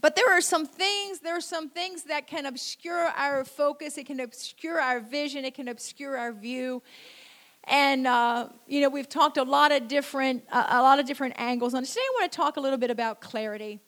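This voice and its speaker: A middle-aged woman preaches in a conversational, storytelling manner, often saying "you know" and slowly repeating phrases for emphasis. Her voice is high and fairly bright.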